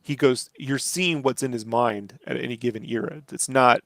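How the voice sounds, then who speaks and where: A man's voice: mid-range voice, normal speed, creaky, a bit bright, dry recording, studio quality. A man, a comic artist, chatting casually while he inks, rambling with many fillers and the odd swear. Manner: rambling, lots of "like" and "you know", swears casually. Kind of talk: casual chat while drawing.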